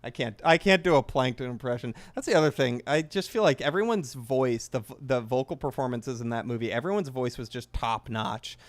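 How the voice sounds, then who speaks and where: A man's voice: mid-range voice, a little fast, hardly any pauses, no echo. A man in his twenties chatting casually while playing a game, rambling and enthusiastic. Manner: rambling, enthusiastic, restarts often. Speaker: gaming video creator.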